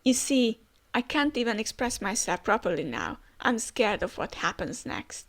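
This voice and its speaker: A woman reading out the halting, heartfelt thanks of an adult samurai. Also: fairly high pitch, sing-song. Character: grateful adult samurai retainer, emotional.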